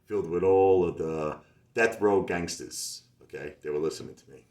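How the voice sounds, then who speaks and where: Male singer-songwriter, low voice, loose rambling delivery, echoey room. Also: moderate pace, darkish tone. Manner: rambling, full of "like" and asides. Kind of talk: casual storytelling monologue. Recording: roomy echo with faint music behind.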